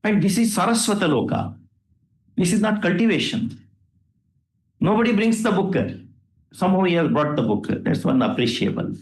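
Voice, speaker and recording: A man's voice: high voice, lively intonation, moderate pace, pauses often. A man with an Indian English accent speaking from the bench as a judge, lecturing and scolding the lawyers with rhetorical questions. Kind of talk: courtroom remarks from the bench. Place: courtroom. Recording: roomy courtroom sound.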